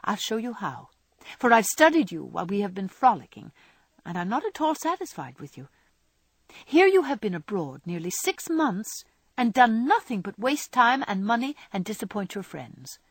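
A woman's voice: mid-range voice, big pitch swings, normal speed, slightly rough, no echo. Amy, voiced by a woman as an earnest young scold. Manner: earnest, lecturing. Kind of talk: audiobook character reading.

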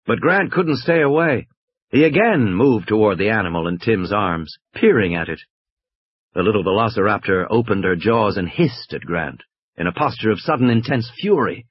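Husky man narrating an audiobook. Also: on the low side, animated, normal speed, dry recording, highs cut off.

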